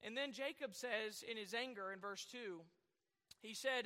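A man's voice: very high-pitched, moderate pace, pushed and bright, long reverb tail. A man preaching a sermon, rambling at times and asking the congregation questions. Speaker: pastor.

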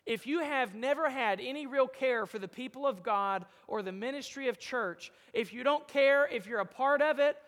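High-voiced preacher in a reverberant hall. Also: male voice, normal speed, hardly any pauses. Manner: rises to loud emphatic peaks, drops to soft low lines; quotes King James scripture. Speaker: pastor. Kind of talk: sermon.

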